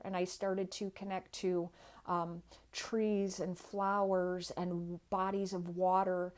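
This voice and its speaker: Earnest woman with a flat, level pitch. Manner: earnest, speaks straight to viewers. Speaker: guest speaker. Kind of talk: inspirational personal talk.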